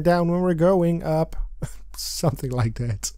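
In a studio-quality recording with no room sound, a man with a fairly high, mellow voice hosts a let's play of an old adventure game. He reads its text slowly and playfully, giggling, singing, and giving lines silly emphasis.

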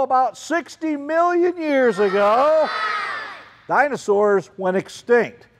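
A man, a children's ministry speaker giving an animated talk to a group of kids and calling out questions to them. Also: high voice. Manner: animated, calls out questions to the crowd. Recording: long reverb, large hall.

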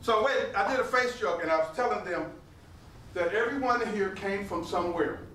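A man's voice: high voice, normal speed, a little hiss or hum. Older man telling stories in a hall. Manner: animated, laughing storyteller with repeated phrases. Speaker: living history performer and potter. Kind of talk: storytelling to a live audience. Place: museum hall with an audience. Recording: roomy hall, voice from a distance.

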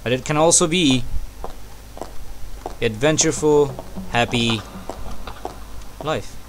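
Excitable young man narrating his gameplay. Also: medium pitch, takes it slowly, background noise. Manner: excitable, talks to himself, frequent yelps. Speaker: gaming channel host. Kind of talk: let's play commentary.

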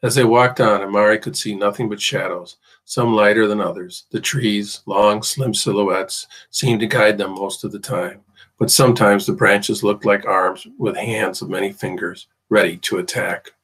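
Low husky male audiobook reader. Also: fairly even intonation, normal speed, a bit bright, low-quality recording. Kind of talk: audiobook narration.

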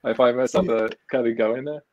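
A middle-aged man with an English accent that has drifted a little toward Canadian, chatting as a guest in a relaxed way, telling stories with frequent restarts. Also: mid-range voice, a little fast, dull audio, over a noisy crowd. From England. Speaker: magician and actor guest. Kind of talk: casual chat.

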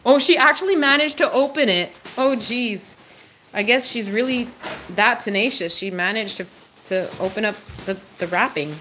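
A woman hosting a casual livestream, who talks to her dog in a high sing-song voice, drops low for asides and exclaims and laughs often. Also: normal speed, sharp tone, a little hiss or hum.

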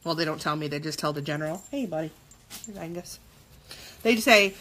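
Woman, 30s, casual live makeup tutorial, chatty, jokey, swears freely, bright sharp voice. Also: low voice, a little fast, long pauses.

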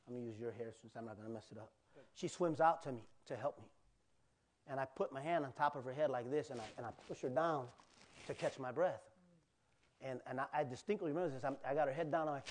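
Preaching in church, this male pastor tells a personal story, dramatically acting out cries and turning to the congregation with asides. He talks fast in a fairly high pitch.

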